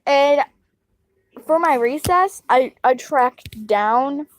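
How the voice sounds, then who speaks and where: A woman's voice: high-pitched, expressive, drawn-out words. A young woman casually telling a personal story, rambling and acting out what others said. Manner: rambling, retelling dialogue with quoted voices.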